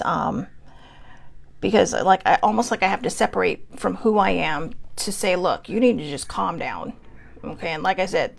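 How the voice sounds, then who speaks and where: A woman host talking casually to her viewers, rambling and poking fun at herself. Her voice carries a gravelly, fry-tinged edge at a middle pitch. It sounds like a relaxed chat recorded at home. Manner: chatty, rambling, self-deprecating with frequent laughs.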